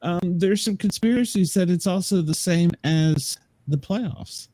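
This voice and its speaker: A man's voice: sits high, measured pace, mellow, dry recording, low-quality recording. A man on a casual sports podcast who serves as its business manager, dropping wry, teasing one-liners.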